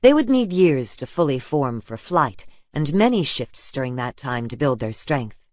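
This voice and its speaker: A man's voice: medium pitch, big pitch swings, normal speed, no echo. Man narrating an audiobook, dry sound. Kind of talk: scripted fantasy narration.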